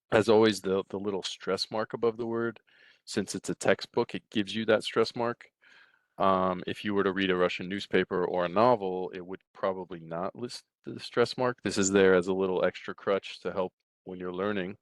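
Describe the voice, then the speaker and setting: Deep-voiced man teaching a language lesson. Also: normal speed, no echo. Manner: relaxed, repeats "right?" and "да?" often, restarts. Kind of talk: recorded textbook lecture.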